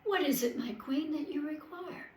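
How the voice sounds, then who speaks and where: A doting king, easily delighted and quick to rage, as a woman storyteller puts him on. His voice sits fairly high and rings in an echoey room. He speaks in bursts of exclamation. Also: darkish tone, a little hiss or hum, natural voice.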